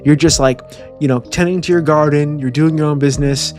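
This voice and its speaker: A man's voice: fairly high pitch, fairly even intonation, a little fast, a little mellow, faint music behind. A man casually reacting to a comic chapter, rambling and joking with profanity and stammering repeats. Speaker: manga chapter reviewer.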